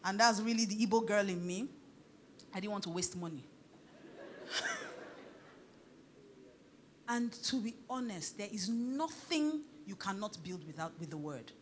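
A woman's voice: mid-range voice, animated, unhurried, long pauses, slight background noise. A middle-aged woman with a Nigerian accent, preaching a sermon as a pastor, telling stories, dropping pidgin phrases and laughing often.

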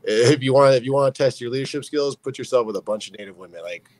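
A young man appears as a podcast guest, earnestly telling his story in a candid interview and padding it with fillers like "you know what I mean." His voice is medium-pitched, fast and a little mellow, on a dry recording with poor audio quality.

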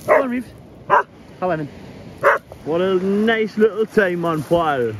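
A man's voice: high-pitched, expressive, unhurried, a little hiss or hum. A man walking his dog outdoors on a coastline, chatting casually and coaxing the dog in a sing-song voice, swearing freely.

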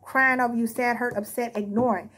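A tarot reader gives her viewers a casual card reading, talking straight to them in a blunt, heated way and swearing plenty. Her voice is fairly high and fairly bright, with a steady tone and a fairly quick pace.

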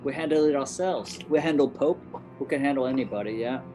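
A man's voice: medium pitch, fairly quick, mellow, faint music behind, low-quality recording. A man playing in a tabletop game, bantering in a laid-back way. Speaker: player.

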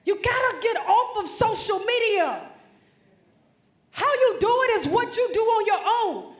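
A woman's voice: very high-pitched, lively intonation, unhurried. A woman giving an emphatic, preacherly motivational speech, talking directly to students. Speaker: motivational speaker. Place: conference hall stage. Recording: echoey hall.

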